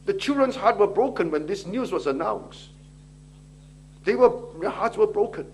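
A man's voice: high-pitched, lively intonation, normal speed, a little hiss or hum. A middle-aged man preaching a sermon, pressing his listeners with pleading questions. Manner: impassioned, rising to pleading questions.

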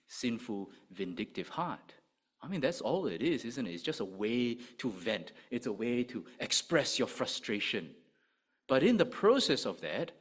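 Animated male preacher with lively pitch. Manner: animated, rhetorical questions, rises and drops sharply in volume. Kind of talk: sermon.

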